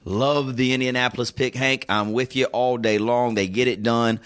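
A man hosting a casual sports betting chat, telling stories with excitable, animated bursts. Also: medium pitch, moderate pace, clean tone. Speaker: sports betting show host.

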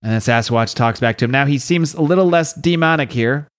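Animated man recapping a comic. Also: mid-range voice. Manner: animated, reads out quotes with slow dramatic emphasis. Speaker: podcast host. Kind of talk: casual recap of a comic book.

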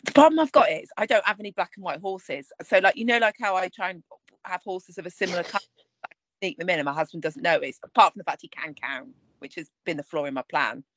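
A woman's voice: on the low side, quick pace, fairly bright tone, no room sound. A woman co-hosting a casual podcast on a call, laughing often and teasing her friend. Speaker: podcast co-host. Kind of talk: casual chat. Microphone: remote call.

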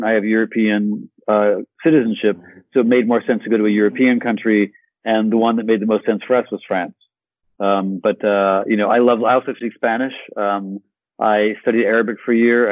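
A man being interviewed as an actor guest on a podcast, talking in an enthusiastic, animated way and often repeating words. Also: lowish voice, dry recording, low-quality recording.

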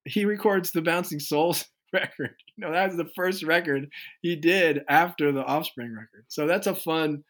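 Animated man telling band stories. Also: on the high side, moderate pace. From United States. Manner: animated storyteller who acts out quoted voices. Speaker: guest musician. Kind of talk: casual interview storytelling.

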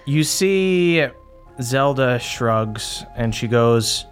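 A man's voice: a little high, lively intonation, unhurried, a bit bright, faint music behind. Casual male game master. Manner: laughing, casual, swearing. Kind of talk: narrating a tabletop game.

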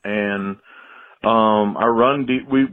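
A man's voice: on the low side, fairly even intonation, slow. Man, caller, voicemail rant, rambling, swearing, phone-line sound. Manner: rambling, swearing, self-pitying.

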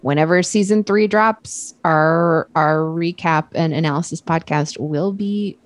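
A woman chatting casually on a podcast, telling stories in a playful, animated way. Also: low-pitched, measured pace, dry recording. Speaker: podcast co-host. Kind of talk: casual chat.

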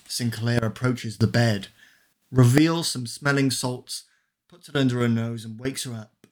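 A man recaps film scenes on a casual podcast, slipping in wry asides and laughs. His voice sits at an ordinary mid pitch. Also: steady tone, measured pace, darkish tone. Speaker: podcast co-host.

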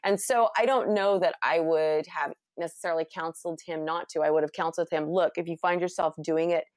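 A middle-aged woman from California, chatting casually and telling a story with animated acted-out quotes. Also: low-pitched, a little fast, no room sound, clean studio sound. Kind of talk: casual conversation.

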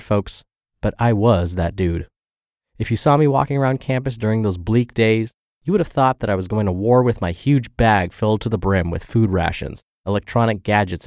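Low-voiced man reading a health podcast. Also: a little mellow, no room sound, studio quality. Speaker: podcast narrator. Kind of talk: reading a blog post aloud.

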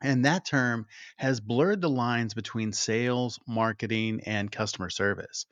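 A man hosting a podcast, telling a story in an energetic, conversational way. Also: mid-range voice, measured pace, dry recording. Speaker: podcast host. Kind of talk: podcast monologue.

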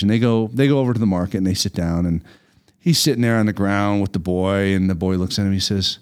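A man hosting a casual talk show, telling a fable in a lively, rambling way and often repeating his words. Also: on the low side, fast talker. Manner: animated, repeats words while telling a story. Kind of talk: casual storytelling chat.

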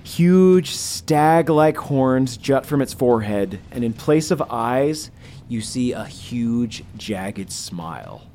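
A man narrating a tabletop game as game master, in a slow, dramatic manner. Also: mid-range voice, lively intonation, mellow, a little hiss or hum.

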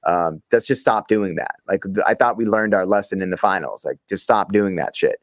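A man co-hosting a sports podcast in casual chat, animated and blunt, swearing and calling people "bro.". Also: low-pitched, a little fast, no room sound, studio quality. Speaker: podcast co-host.

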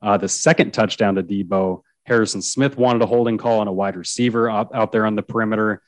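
A sports reporter talks football in a relaxed, chatty way, with a lower-pitched male voice. He often restarts his sentences and lets small chuckles slip in. The sound is dry and close, with no room around it. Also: a little fast, no room sound. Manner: conversational, frequent restarts and chuckles. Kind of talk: casual sports chat.

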